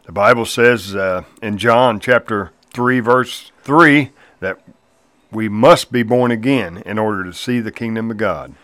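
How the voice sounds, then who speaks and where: A man's voice: on the low side, measured pace, a bit bright, dry recording. A man making a gospel appeal on the radio, speaking directly to the listener and citing scripture. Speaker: radio evangelist.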